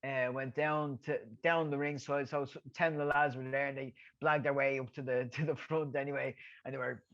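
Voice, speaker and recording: A man's voice: mid-range voice, flat delivery, brisk, a bit bright, lo-fi sound. A middle-aged Irish man, a guest telling stories in a rambling way, repeating words and laughing at his own tales. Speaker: guest, former boxer. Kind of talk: casual storytelling.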